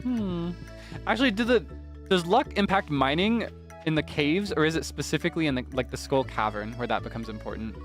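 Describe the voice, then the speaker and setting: A man's voice: on the high side, animated, brisk, soft background music. Rambling, giggly young-sounding man streaming. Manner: rambling, many fillers, giggly. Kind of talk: casual game stream chat.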